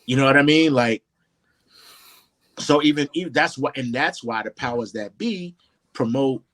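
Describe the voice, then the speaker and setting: A man's voice: medium pitch, moderate pace, fairly bright tone. A man, a hip hop producer and mixing engineer, talking through his craft in a casual interview, often saying "you know what I mean".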